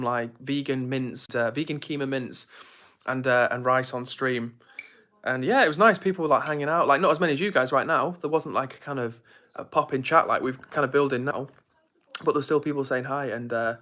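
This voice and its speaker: A man's voice: medium pitch, sharp tone. A young man chatting casually on a live stream, reading viewer comments aloud.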